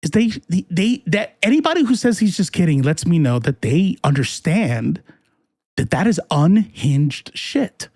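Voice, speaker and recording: A fairly high-voiced man ranting on a live stream, heated and profane, tripping over restarts as he answers chat. The sound is close and dry, with no room around him. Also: sing-song, unhurried, darkish tone, no room sound. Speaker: political commentary streamer. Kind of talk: casual live-stream commentary reading chat.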